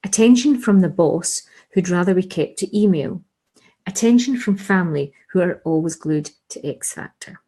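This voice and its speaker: A woman leads an English revision lesson in a mellow, slightly low voice. She explains patiently, circles back to key points and asks her listeners rhetorical questions. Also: moderate pace, poor audio. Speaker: English teacher.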